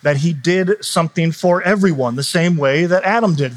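Man preaching, higher-pitched voice. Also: normal speed, hardly any pauses. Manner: conversational preaching with frequent restarts and fillers. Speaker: pastor. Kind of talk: sermon.

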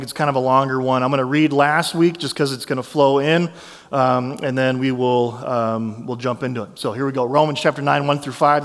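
A man preaching a sermon as a pastor, telling stories in a conversational, animated way with restarts. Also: medium pitch, in a large hall.

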